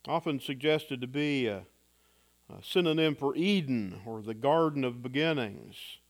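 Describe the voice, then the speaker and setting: A man preaching a sermon in a measured, reflective way, pausing for effect. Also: mid-range voice, lively intonation. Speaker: pastor.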